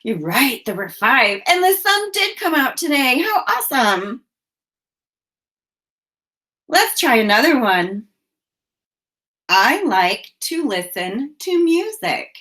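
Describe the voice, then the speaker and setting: A woman teacher leading a children's phonics lesson, giving slow, clearly enunciated prompts and cheerful praise. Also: sits high, sing-song, pushed and bright.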